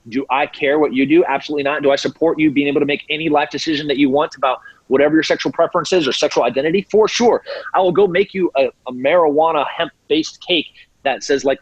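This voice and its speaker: A middle-aged American man talks with fire and mimics other voices to mock them. His voice is husky and sits a little high. The sound is dry and slightly muffled. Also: dry recording. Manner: animated, acts out quoted voices mockingly. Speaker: podcast guest. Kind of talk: impassioned interview talk.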